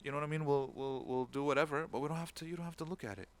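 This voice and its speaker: A man's voice: on the high side, very fast. A man giving an informal religious talk as an imam, telling a story and acting out the people in it with a raised voice, and dropping Arabic words and phrases into his speech. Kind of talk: talk-style religious lecture.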